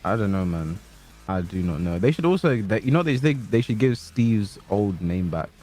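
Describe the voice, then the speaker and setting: Animated man riffing on a stream. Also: on the low side, normal speed, soft background music. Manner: animated, rambling riffs with lots of fillers. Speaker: esports tournament commentator. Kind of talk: casual stream commentary.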